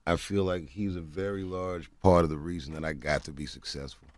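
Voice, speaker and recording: A man's voice: deep voice, fairly even intonation, fairly quick, darkish tone. A man, a guest comedian, telling loose, laughing anecdotes on talk shows. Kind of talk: casual storytelling on talk shows.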